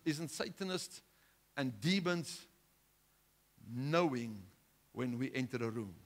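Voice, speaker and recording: A male pastor preaching a sermon with a South African accent, swinging between loud urgent exhortation and quiet, low asides. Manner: impassioned preaching, rising loud then dropping low.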